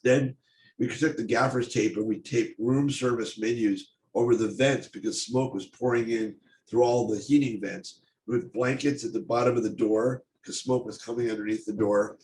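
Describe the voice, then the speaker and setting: An older man giving a personal storytelling talk on stage, speaking in a halting, intense way with many restarts. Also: medium pitch, fairly even intonation, a little mellow. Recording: echoey room, faint noise.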